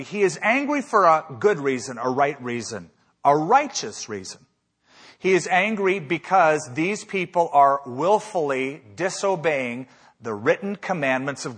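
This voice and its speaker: A man's voice: on the high side, a bit bright. A man preaching a sermon as a pastor, emphatic, with rhetorical questions and repeated phrases.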